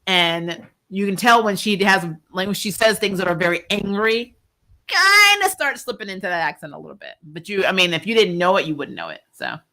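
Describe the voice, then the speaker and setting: Woman host, bright and forceful tone, chatty live-stream banter with viewers, laughs a lot. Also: mid-range voice, very animated. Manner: chatty, laughs often, quick asides. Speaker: YouTube host discussing a TV series. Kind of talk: casual live-stream chat, reading viewer comments.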